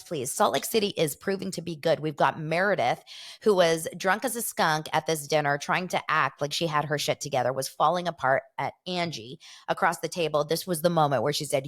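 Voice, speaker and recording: A woman hosting a casual show, rambling through gossipy commentary and laughing often. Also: fairly low pitch. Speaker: host.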